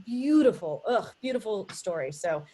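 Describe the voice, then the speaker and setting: A woman hosting a casual live interview over a video call, upbeat and enthusiastic, telling stories with lively energy. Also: mid-range voice, normal speed, a little hiss or hum. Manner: upbeat, enthusiastic, animated storytelling. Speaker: host.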